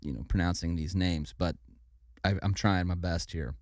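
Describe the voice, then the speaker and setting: A man's voice: sits low, steady tone, normal speed, darkish tone, no room sound, studio quality. A man co-hosting a podcast, telling a war story in a casual, laid-back way and stumbling over foreign names. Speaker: podcast co-host.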